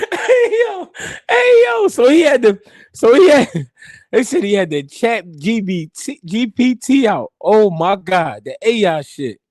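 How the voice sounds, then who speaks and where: Lively, high-voiced man ribbing boxers. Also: no echo, clean studio sound. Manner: animated, laughing, profane banter. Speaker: boxing stream host. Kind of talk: live-stream boxing commentary.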